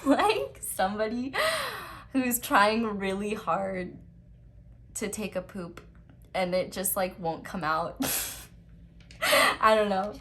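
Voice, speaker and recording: A woman's voice: mid-range voice, sharp tone. A young woman giving a casual tarot card reading at home, chatty and giggly, with rambling asides. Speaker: tarot reader.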